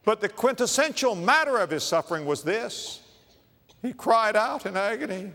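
A man preaching a sermon, swinging from loud declarations to hushed low phrases, with slow emphatic repetition. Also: wildly swooping pitch, in a large hall.

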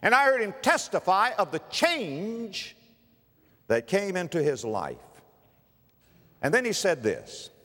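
A man preaches with a fairly high, very animated voice. He swings from ringing emphasis to hushed, low passages, and his voice trails off in the long reverb of a large hall. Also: slow, long pauses. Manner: dramatic preaching with sudden drops to a hushed, low delivery. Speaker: pastor. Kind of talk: sermon.

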